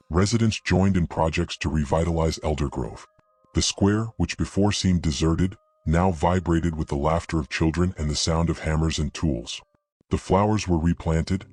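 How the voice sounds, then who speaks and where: Deep husky male horror narrator. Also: darkish tone, no room sound. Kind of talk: scripted narration.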